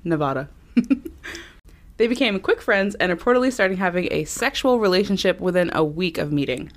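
Animated and lower-pitched, this woman speaks at a normal rate. She co-hosts a podcast, relaying a true crime tale from notes casually and with many ums.

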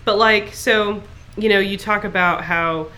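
A woman's voice: mid-range voice, fairly even intonation, unhurried, pushed and bright. A woman co-hosting a podcast in casual chat, rambling with lots of filler phrases. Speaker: podcast co-host.

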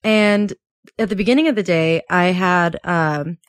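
A woman in her late twenties, chatting casually as a podcast co-host. She laughs often and acts out quotes in a higher voice. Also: a little slow, no echo, studio quality. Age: 20s. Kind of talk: casual chat.

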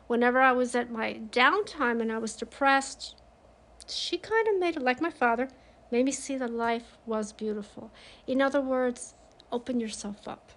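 A grieving woman speaking frankly and confidingly in a personal monologue, with emphatic bursts. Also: fairly high pitch.

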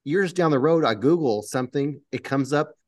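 A man co-hosting a podcast, telling stories in relaxed casual chat. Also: medium pitch, normal speed, dry recording, studio quality. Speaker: podcast co-host.

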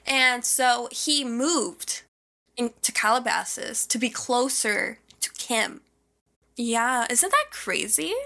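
A young woman co-hosting a podcast, gossiping casually, saying "like" constantly, with excitable gasps and squeals. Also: on the high side, slow pace, creaky. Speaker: podcast co-host.

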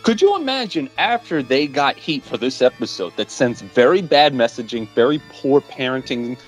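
A podcast co-host speaks at normal speed in a medium-pitched voice, animatedly retelling a story during casual chat. Mock voices and blunt swearing pepper the plot recap, with soft background music underneath.

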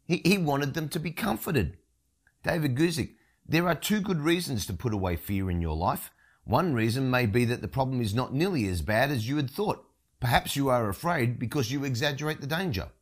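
A man preaching a sermon, telling a story with expressive emphasis. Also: medium pitch, moderate pace. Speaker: pastor.

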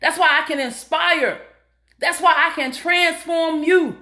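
A woman's voice: very high-pitched, unhurried, sharp tone. A middle-aged woman giving a preachy motivational talk, calling out to listeners as y'all and honey. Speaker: motivational speaker.

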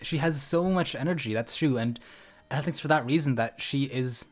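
A man's voice: mid-range voice, normal speed, faint music behind. A young man co-hosting a casual podcast, easygoing and asking the group questions. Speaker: podcast co-host. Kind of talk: casual gaming podcast chat.

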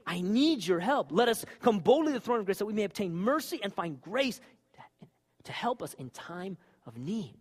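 A man preaching a sermon with fervor, moving from loud exhortation to quiet, confessional talk. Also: high-pitched, very animated, moderate pace, slightly rough.

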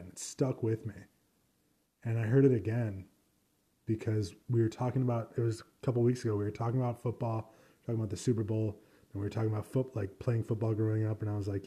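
A man's voice: on the low side, warm tone, breathy edge. A young man hosting a solo podcast, rambling casually in a self-deprecating way and swearing often.

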